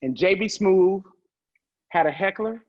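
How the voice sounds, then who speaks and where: A woman comedian telling stories as a guest, loud and profane, quick to laugh. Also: mid-range voice, lively intonation, muffled recording. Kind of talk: animated storytelling.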